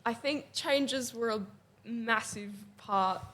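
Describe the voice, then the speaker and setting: A woman's voice: fairly high pitch, slow pace, fairly bright tone. A teenage girl with an Australian accent, a school musical cast member telling stories in a bubbly, giggly way. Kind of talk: casual podcast chat.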